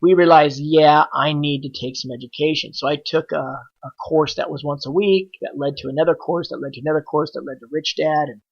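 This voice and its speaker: A man, a podcast guest and trader, telling the story of how he started out in a casual, animated way and acting out the dialogue he quotes. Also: on the high side, brisk, creaky, few pauses, breathy edge, lo-fi sound.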